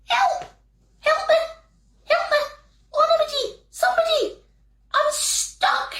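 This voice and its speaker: Woman doing a squeaky wee fairy man. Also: steady tone, slow, bright, forceful tone, roomy sound, heavily acted. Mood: panicked. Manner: squeaky, frantic then grateful. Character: tiny old male fairy with long grey beard.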